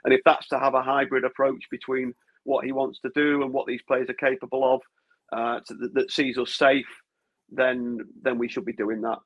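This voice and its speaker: A man's voice: medium pitch, level tone, moderate pace. A man co-hosting a casual football podcast, talking in long rambling runs full of restarts. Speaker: podcast co-host. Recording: dull lo-fi sound.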